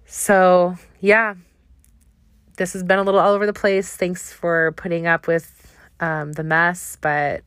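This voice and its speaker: A woman's voice: deep voice, a bit bright, no room sound. A young woman hosting a podcast, talking earnestly and searchingly about faith, with frequent "like" and "um". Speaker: podcast host. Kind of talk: personal reflective podcast monologue.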